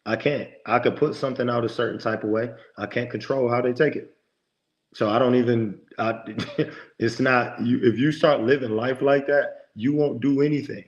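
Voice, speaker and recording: Gars parlant AAVE, voix moyenne, motivant, cite ses propres pensées. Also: male voice, mid-range voice, steady tone, moderate pace, dull audio. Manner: emphatic, preachy, lots of quoted self-talk. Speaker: podcast guest, motivational speaker. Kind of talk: conversational interview talk.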